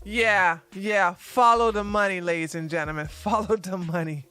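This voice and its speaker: A woman's voice: mid-range voice, moderate pace, fairly bright tone, clear, resonant tone, faint music behind. A woman hosting her own news commentary vlog, talking casually and animatedly to her viewers and laughing often.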